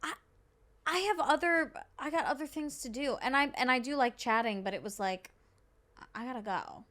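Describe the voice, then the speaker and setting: A woman's voice: high voice, normal speed, a bit bright. A woman comedian chatting casually as a podcast guest, giggly and full of fillers. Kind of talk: casual chat.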